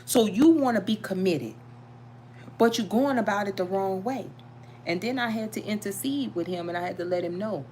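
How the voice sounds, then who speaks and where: A middle-aged woman hosting a casual chat, telling a story in an animated, preachy way. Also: moderate pace, a little hiss or hum. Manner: animated, preachy, emphatic with sudden pitch jumps. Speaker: tarot channel host.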